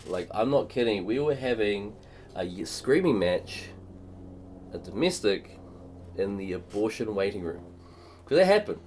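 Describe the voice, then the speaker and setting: A man's voice: on the low side, a little mellow, a little hiss or hum. A man, co-hosting a podcast, telling crude comic stories full of laughter and acted-out quotes. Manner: crude, laughs often, acts out quoted voices. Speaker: podcast co-host. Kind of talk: casual comedic storytelling chat. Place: backyard shed studio.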